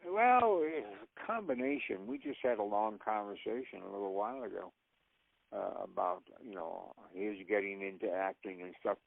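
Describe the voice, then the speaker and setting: Older man, gravelly, rambling anecdotes, laughs often, tinny phone line. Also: lowish voice, lively intonation, moderate pace. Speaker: actor guest. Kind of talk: casual anecdotes.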